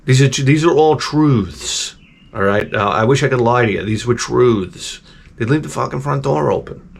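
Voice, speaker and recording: A man's voice: medium pitch, normal speed, gravelly, a little hiss or hum. A middle-aged man hosting his own channel, telling rambling, profane stories in a casual, digressive way. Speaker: channel host.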